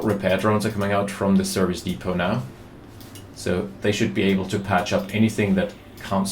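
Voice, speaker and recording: A man giving live, excitable commentary on a strategy game, thinking aloud as he goes. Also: deep voice, roomy sound. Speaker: game caster.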